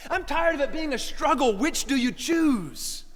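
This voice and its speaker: A fairly high-pitched man preaches a storytelling sermon, talking conversationally and often checking in with his listeners. His voice carries a long reverb from the church sanctuary around him. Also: lively intonation, unhurried. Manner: conversational, asks the congregation "huh?". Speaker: priest.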